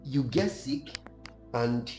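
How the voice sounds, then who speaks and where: A man's voice: mid-range voice, big pitch swings, slow pace, a little mellow, faint music behind. A young man in a casual group discussion, explaining things step by step and checking that others follow. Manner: explaining, lecturing tone with checks like "right?".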